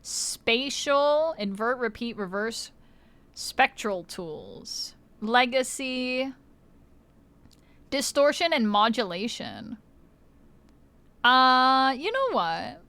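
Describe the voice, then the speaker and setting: A woman's voice: fairly high pitch, big pitch swings, drawn-out words, pauses often, bright, forceful tone. A woman streamer in casual livestream chat, playful, swearing freely and laughing often, on a close mic.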